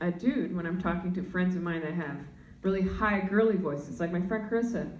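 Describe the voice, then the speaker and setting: A young woman doing stand-up comedy, talking in a low, deadpan voice with deep tones. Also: brisk, reverberant, far from the mic, low-quality recording. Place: comedy club stage.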